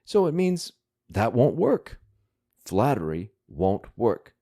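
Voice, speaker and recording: A man explaining vocabulary to learners at an unhurried pace. His voice is low and warm, and his pitch moves around a lot. He works through the grammar patiently and methodically. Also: huge pitch swings. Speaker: language teacher.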